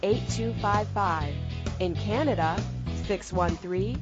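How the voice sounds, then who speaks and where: Woman, radio announcer, scripted promo, smooth persuasive read, music behind. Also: mid-range voice, takes it slowly, lo-fi sound.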